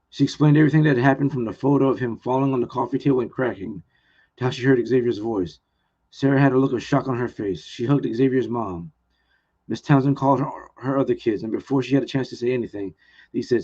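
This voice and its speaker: A man's voice: mid-range voice, brisk, a little mellow, slightly rough, highs cut off. Earnest man reading his own novel. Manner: plain, earnest reading with small restarts. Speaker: author.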